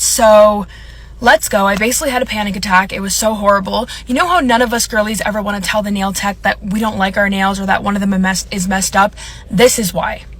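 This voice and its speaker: A young woman rattles through her story at a quick clip, voice sitting in an ordinary middle register. She rambles and leans on filler words, sounding shaken and close to tears the whole way through. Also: medium pitch, fairly bright tone. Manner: rambling, filler-heavy, upset. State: on the verge of tears. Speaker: content creator. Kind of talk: storytime vlog.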